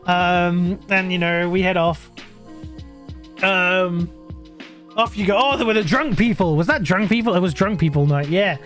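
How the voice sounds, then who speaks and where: Streamer read: British man, very high voice, chatty and rambling, restarts a lot, faint music under him. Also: unhurried, a bit bright. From Britain. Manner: rambling, full of fillers and restarts; laughs often mid-sentence. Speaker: live streamer. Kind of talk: casual storytelling chat.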